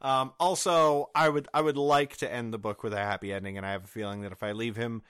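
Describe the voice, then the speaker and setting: A man's voice: mid-range voice, fairly even intonation, fast, fairly bright tone, clear, resonant tone. A man appearing as a guest author, making wry comments and groaning reactions in casual chat.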